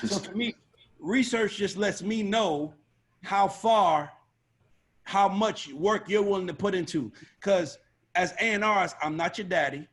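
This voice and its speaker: Husky, blunt-talking man on a panel. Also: sits high, a little slow. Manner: blunt, profane, animated storytelling. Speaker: record label A&R panelist. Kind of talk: casual panel discussion.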